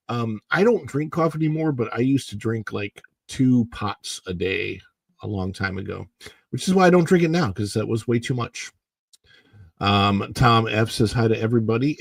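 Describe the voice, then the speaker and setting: A man hosting a casual livestream, chatting and reading viewer comments while his voice is hoarse from the morning and he keeps clearing his throat. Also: mid-range voice, no room sound. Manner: rambling, chatty, greets viewers by name. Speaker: livestream host.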